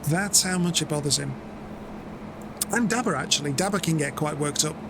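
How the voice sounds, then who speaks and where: A British man streaming a farming game, chatting casually and mocking himself, sometimes acting out his friends. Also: normal speed. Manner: chatty, self-mocking, acts out friends in high voices. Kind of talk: casual gameplay chat. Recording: game sounds and vehicle noise behind.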